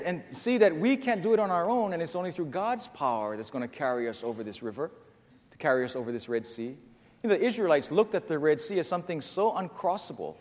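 A man's voice: mid-range voice, darkish tone, big-room sound. A male pastor preaching a sermon, earnest and storytelling, rising to emphatic peaks.

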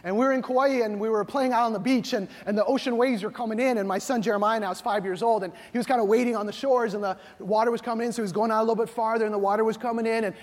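High-voiced preaching man in echoing hall. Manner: call-and-response preaching, animated, acting out dialogue. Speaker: pastor. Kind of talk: sermon. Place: church sanctuary. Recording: long hall reverb with faint music.

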